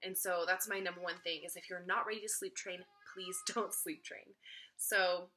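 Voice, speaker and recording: A young mother giving casual parenting advice to the camera. Her voice has a bright, forward edge, and she talks earnestly, repeating key points for emphasis. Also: fairly low pitch, steady tone, moderate pace. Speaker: mom vlogger.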